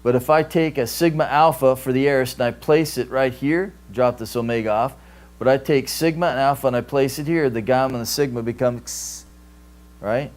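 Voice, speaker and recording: A man's voice: medium pitch, brisk. A man teaching a Greek grammar class, explaining patiently and checking in with "right?" often. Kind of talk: classroom lecture. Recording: live stream capture.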